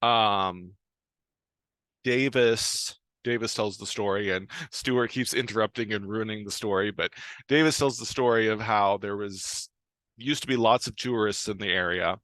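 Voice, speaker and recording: Casual American male host, fairly low voice, chatty recap full of fillers and chuckles, dry sound. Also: measured pace, a bit bright, no room sound. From United States. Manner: rambling, many fillers and restarts, chuckles often. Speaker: video host.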